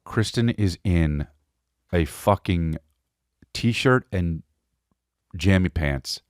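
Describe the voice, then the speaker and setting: A man hosting a podcast, telling a rambling comic story in a profane, animated way. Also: deep voice, very slow, no echo, studio quality. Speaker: podcast host. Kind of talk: comedic storytelling.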